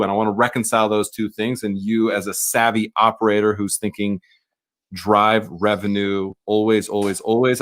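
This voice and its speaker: A man hosting a podcast interview, talking in an energetic, emphatic way and repeating key words. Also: on the low side. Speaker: podcast host.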